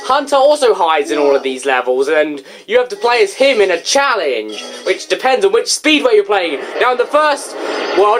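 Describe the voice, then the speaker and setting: Lively, goofy game reviewer. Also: medium pitch, normal speed. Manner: goofy, rambling, self-mocking. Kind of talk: casual game review commentary. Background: game music.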